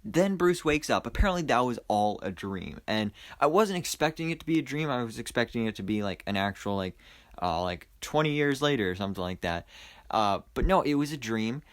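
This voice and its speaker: A man's voice: medium pitch, big pitch swings, a little fast. A young man giving a casual, enthusiastic movie review, rambling with lots of fillers and restarts. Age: young adult. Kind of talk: casual spoiler review monologue.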